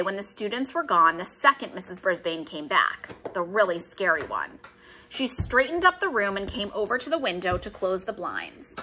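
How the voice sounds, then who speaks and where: Bright, animated woman reading a storybook. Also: medium pitch, slight background noise. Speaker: audiobook reader. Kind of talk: storybook narration.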